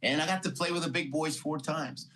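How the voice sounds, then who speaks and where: A man's voice: on the high side, a little fast, rough recording. Upbeat older man telling his story. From Houston, Texas. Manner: energetic, motivational, laughs often, acts out dialogue. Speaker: guest, Olympic athlete. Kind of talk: storytelling interview.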